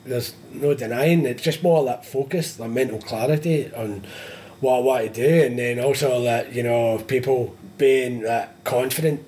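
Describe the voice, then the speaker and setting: A man's voice: medium pitch, moderate pace, hardly any pauses, mellow. Guy, young, casual chat, cursing, laughing a lot, faint background noise. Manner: swears freely, laughs often, acts out phone calls. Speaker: metalwork business owner, guest.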